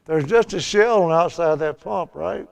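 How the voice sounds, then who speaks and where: A man's voice: on the high side, moderate pace, vocal fry. An older man teaching a Bible lesson in a chatty storytelling way, laughing at his own tales.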